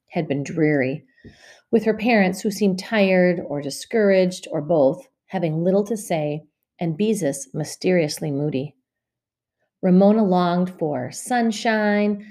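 A woman narrating a children's storybook in an expressive, measured reading. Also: on the low side. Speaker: audiobook reader.

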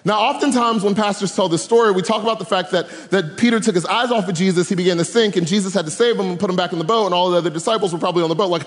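A man speaking at a camp to a live audience, preaching a youth sermon with animated, humorous, slangy storytelling. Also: high voice, fast talker. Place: large room with live audience. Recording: long hall reverb.

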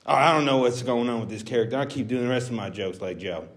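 A man's voice: medium pitch, fast talker, hardly any pauses, slight background noise. A male comedian breaking from his bit to talk casually and off the cuff. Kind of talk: casual stand-up aside.

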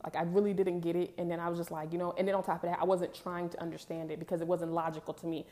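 Rapid-fire and dark-toned, a young woman with a lowish voice and little pitch movement tells her viewers a personal story. This vlogger keeps it candid, emphatic and conversational, speaking casually to camera.

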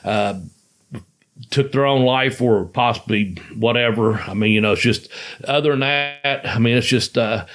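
Talking at a moderate pace in a mid-range, fairly bright voice, this man chats casually, spinning rambling stories full of swearing and laughing along the way.

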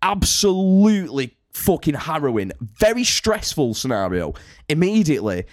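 Brief: young male storyteller, lively up-and-down delivery, swears a lot, dry close sound. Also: a little high, normal speed, dry recording. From United Kingdom. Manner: animated, sweary, rambling. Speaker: touring band musician telling a story. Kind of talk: casual podcast storytelling.

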